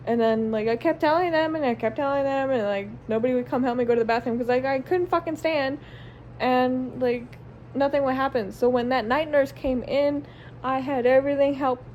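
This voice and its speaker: A young mother vlogs straight to camera in a slightly high voice. She is blunt and unfiltered, and she swears in nearly every sentence. Her long, run-on sentences are packed with "like" and "um". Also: fairly even intonation, brisk, a little mellow, slight background noise. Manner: blunt, swears constantly, emotional and candid; run-on sentences with many likes and ums. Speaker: stay-at-home mom and vlogger. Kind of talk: casual storytelling to camera.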